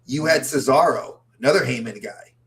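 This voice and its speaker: A man co-hosting a wrestling podcast in casual chat, animated and rambling through lists of names. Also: medium pitch, normal speed, creaky. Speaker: podcast co-host.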